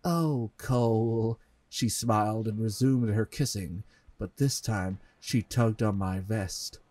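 A man with an English accent hosts a comedic reading of fan fiction, often laughing and stumbling through halting asides. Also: lowish voice, fairly even intonation, darkish tone, no room sound. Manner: breaks into laughter, halting asides full of fillers. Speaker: host reading a fanfic aloud. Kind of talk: comedic dramatic reading with commentary.

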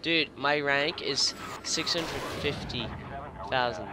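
A young man giving casual, excitable commentary while playing a video game with a friend, breaking into loud outbursts and laughter. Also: medium pitch, slow, noisy background. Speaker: gamer co-host.

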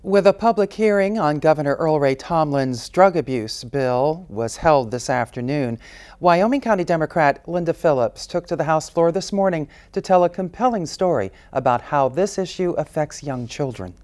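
A man anchoring a legislative news program, reading scripted copy in a measured, even way. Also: a little high, no room sound.

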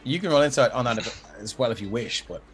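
Lively rambling game master. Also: medium pitch, quick pace, slight background noise. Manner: rambling, restarts a lot. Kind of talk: narrating a tabletop game.

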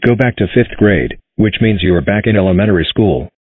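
A man's voice: on the low side, lively intonation, fairly quick, slightly rough, dry recording. A male computer voice playing a stern, mocking math teacher in a cartoon, with a tinny phone-like sound. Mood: scolding. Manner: mocking, scolding.

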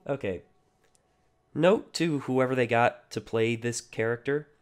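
A man's voice: medium pitch, measured pace. A man giving casual, sarcastic gameplay commentary with jokey asides. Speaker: gaming YouTuber.

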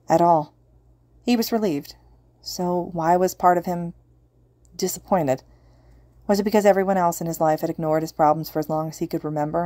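Woman narrator, low voice, mellow tone, steady audiobook reading, dry close sound. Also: no room sound. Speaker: podfic reader.

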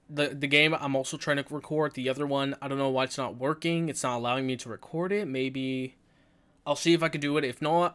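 Young adult, horror let's-play commentary, jittery, stammering, repeats words, middle pitch. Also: fairly bright tone, clean tone. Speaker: gaming video creator.

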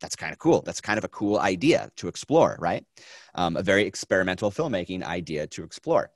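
A man teaching a film class, talking in a lively, conversational way and asking the students questions. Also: deep voice, brisk, dry recording. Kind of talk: classroom lecture.

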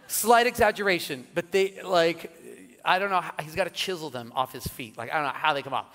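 A middle-aged male pastor preaching a sermon, telling funny family stories with lively, laughing delivery. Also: on the high side, fairly quick. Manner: animated storytelling with jokes and laughter. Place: church sanctuary. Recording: church hall with long reverb.

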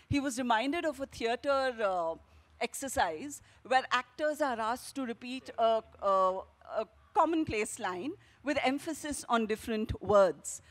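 Thoughtful Indian woman novelist, hesitant. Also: on the high side. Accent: Indian English. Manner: thoughtful, hesitant, many "uh" fillers. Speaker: novelist on a festival panel. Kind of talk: panel discussion and reading from her novel.

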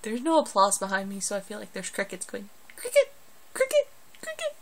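A woman's voice: medium pitch, quick pace, creaky. A young woman with a Southern US accent, chatting and joking through an accent-challenge vlog into a phone. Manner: chatty, joking, animated outbursts. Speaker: vlogger.

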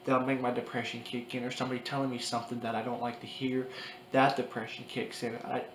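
Tearful young man, flat halting voice. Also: medium pitch. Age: 20s. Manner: halting, repeats himself, restarts often. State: crying. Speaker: vlogger. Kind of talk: personal confessional vlog. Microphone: camera mic. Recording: echoey room with faint background noise.

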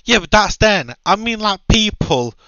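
A man's voice: sits high, big pitch swings, unhurried, bright, forceful tone, clean tone, dry recording, dull audio. A man hosting a podcast, ranting in exasperated, repeated questions. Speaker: podcast host. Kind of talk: casual opinion chat.

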